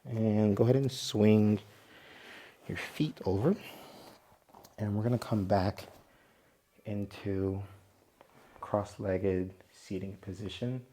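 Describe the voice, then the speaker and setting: Man talking calmly through a yoga stretch. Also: lowish voice, takes it slowly, long pauses, slight background noise. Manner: playful, joking aside between calm cues. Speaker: vlogger leading a yoga session. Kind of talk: guided yoga instruction, casual vlog chat.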